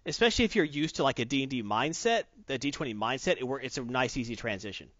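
A man's voice: medium pitch, expressive, quick pace, a bit bright, no echo, lo-fi sound. A man chatting enthusiastically and rambling, with many restarts, as he co-hosts a casual talk. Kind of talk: casual chat about tabletop games.

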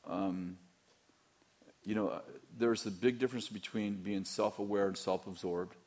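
In a candid church Q&A, a middle-aged pastor talks in an unhurried, low, slightly mellow voice with fairly even intonation. His manner is rambling and teasing, with frequent restarts.

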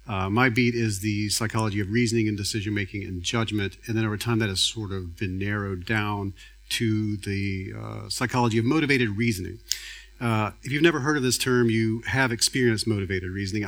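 A man's voice: fairly low pitch, fairly even intonation, fairly quick, a bit bright. Conversational male science lecturer. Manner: conversational, acts out quoted speech. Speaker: science journalist giving a lecture. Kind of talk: public lecture.

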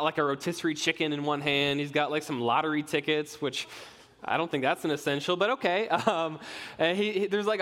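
A man's voice: fairly high pitch, fairly bright tone. A young man, a pastoral resident, preaching a sermon with conversational storytelling and self-deprecating humor. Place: church sanctuary. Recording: long reverb of a church hall.

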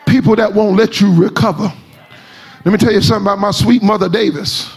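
A man preaches a sermon. He shouts and half-sings his lines as they climb in pitch. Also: fairly even intonation, brisk, husky, faint music behind.

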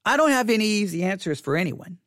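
A male pastor giving a livestreamed sermon in a church sanctuary, candid and self-deprecating, telling a story with lively restarts. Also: high voice, quick pace, no echo, studio quality.

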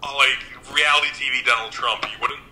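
A man's voice: mid-range voice, fairly even intonation, fairly quick. A man co-hosting a casual chat, dropping dry, teasing remarks. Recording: faint background noise.

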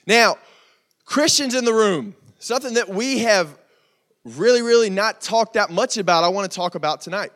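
A man's voice: sits high, lively intonation, moderate pace, fairly bright tone. A young man preaching a casual youth sermon, joking and talking straight to the crowd in a church room. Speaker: youth pastor.

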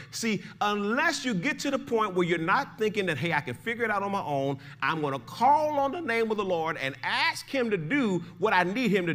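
An older man preaching a sermon as pastor, swinging from shouted pleading to hushed, low emphasis.

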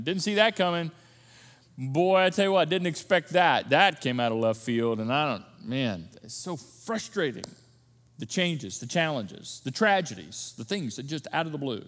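A man preaching a sermon as pastor, conversational and lively, acting out little asides. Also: high voice. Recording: long church hall reverb.

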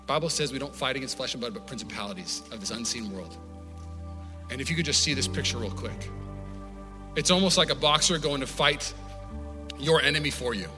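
A male pastor preaching a passionate sermon that builds to snarls and shouts. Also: medium pitch, animated, fairly quick, long pauses. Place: church sanctuary. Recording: church hall reverb with faint music.

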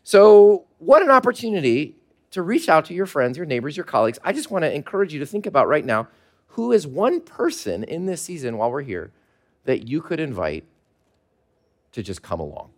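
Animated man preaching a conversational sermon. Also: a little high, brisk. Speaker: pastor. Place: church service held in a mall.

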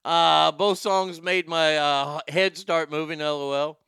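A man's voice: fairly high pitch, fairly even intonation, measured pace, creaky, bright, forceful tone, slight background noise. A man hosting a casual morning show, reading out listener messages and ranting with plenty of swearing. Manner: profane, ranting, reads listener messages aloud. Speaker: show host.

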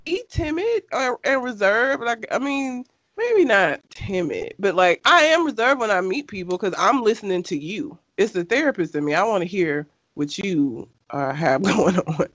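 A woman telling a story in casual chat, laughing often and animated. Her voice leaps up and down in pitch. The recording is dull and lo-fi, with a dry, close sound. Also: normal speed, no room sound.

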